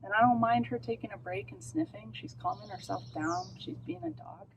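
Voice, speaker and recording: A woman dog trainer demonstrating outdoors, explaining calmly and then gushing high-pitched praise at a dog. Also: a little fast, gravelly, rough recording. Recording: outdoor noise and birdsong.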